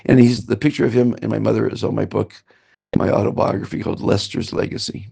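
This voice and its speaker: Gravelly older man rambling. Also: lowish voice, steady tone, fast talker, mellow. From Southern California, United States. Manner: meandering, self-promoting, with wry asides. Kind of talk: rambling personal monologue. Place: currently in Antigua.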